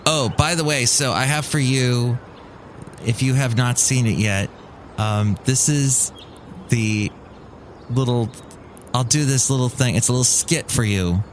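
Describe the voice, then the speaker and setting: A man's voice: mid-range voice, a little slow, long pauses, slight background noise. A middle-aged man hosting his own podcast in a casual solo monologue, wry and grumbling, slipping into mocking voices. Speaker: podcast host.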